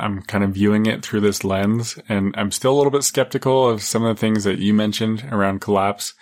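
A man with a nasal voice co-hosting a podcast, talking in a thoughtful, measured way. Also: on the low side. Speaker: podcast co-host. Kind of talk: casual chat.

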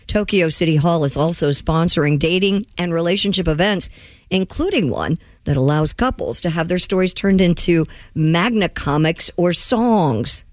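A woman reading a short news story on a chatty show, brisk and plain. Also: lowish voice, animated, no room sound. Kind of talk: reading news, casual asides.

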